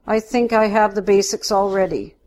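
A woman voicing a tall, cheery male policeman who talks in a brisk, easygoing way. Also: mid-range voice, darkish tone, lightly acted. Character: burly cheery male small-town policeman.

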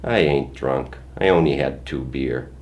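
A drunken, abusive father growls out threats and slurred defiance, as a man reading the story puts him on. The voice sits extremely deep and low. He sounds rough and belligerent. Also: a little slow, darkish tone.

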